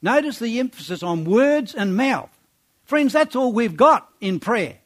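High-voiced male preacher exhorting. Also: very animated, unhurried. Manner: exhorting, asks the congregation rhetorical questions. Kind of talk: sermon reading and expounding scripture.

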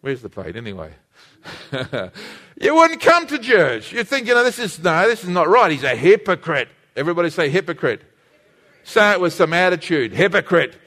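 Male pastor, high-pitched, lively sermon delivery, reverberant church hall. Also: normal speed. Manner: animated preaching, asks the congregation to repeat words.

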